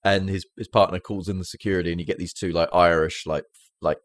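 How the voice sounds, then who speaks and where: A man co-hosting a podcast, telling film scenes with animated, casual chat. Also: low voice, no echo. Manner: animated storytelling, quick asides. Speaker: podcast co-host.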